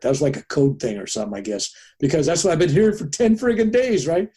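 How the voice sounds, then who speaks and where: A man in his seventies speaks as a podcast guest, telling his story with animated flair. He acts out the other people in it. His voice is dark and a little husky. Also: fairly high pitch, quick pace. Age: 70s.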